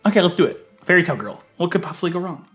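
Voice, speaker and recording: A man giving casual gameplay commentary, chatty and thinking aloud, swinging from low muttering to loud mock outrage. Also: big pitch swings, very fast, soft background music. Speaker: let's play gaming creator.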